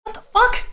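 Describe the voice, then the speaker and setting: A woman streaming herself playing a text game, reacting excitably and swearing freely.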